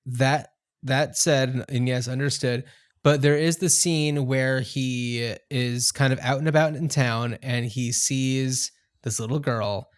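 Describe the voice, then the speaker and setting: A man co-hosting a podcast, talking through a film at an unhurried, measured pace. His voice is smooth and clear. It sits at an ordinary middle pitch. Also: steady tone. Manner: measured, builds his point step by step. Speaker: podcast co-host. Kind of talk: casual film discussion.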